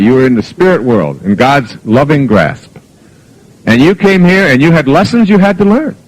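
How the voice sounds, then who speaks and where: A middle-aged man giving a live seminar talk as a motivational speaker, telling humorous stories with chuckles and moving between soft and emphatic delivery. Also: a little high, poor audio. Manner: humorous anecdotal storytelling with chuckles.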